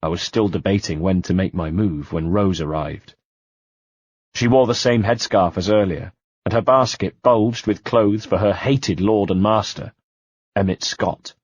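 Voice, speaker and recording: A man narrating an audiobook in the first person, measured and quietly tense. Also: low voice, slightly rough, no echo. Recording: dull dry home-studio sound.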